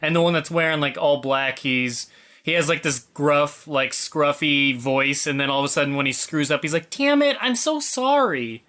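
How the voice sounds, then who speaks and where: Jokey man with a fairly high voice. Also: flat delivery, sharp tone. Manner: jokey, breaks into quick impressions. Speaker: podcast co-host. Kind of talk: casual podcast chat.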